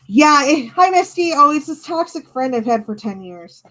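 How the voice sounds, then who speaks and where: A woman's voice: high voice, moderate pace. Young woman venting on a live stream. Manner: venting, talking with chat; animated, quotes others in her own voice. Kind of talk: casual live-stream chat.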